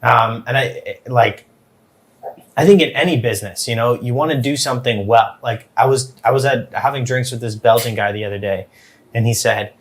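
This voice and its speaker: A man hosting a conversational interview, chatty and jokey, often pausing to search for words. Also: mid-range voice. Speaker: podcast host.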